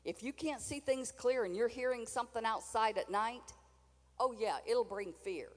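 A woman's voice: a little high, normal speed, big-room sound. An older woman preaching a sermon in a chatty, folksy way, with asides to the congregation.

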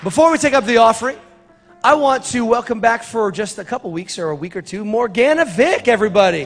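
A man's voice: very high voice, animated, fairly quick, vocal fry, some chatter behind. A man giving church announcements and leading a prayer in a chatty, rambling way with joking asides. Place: church sanctuary. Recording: reverberant church hall with faint music.

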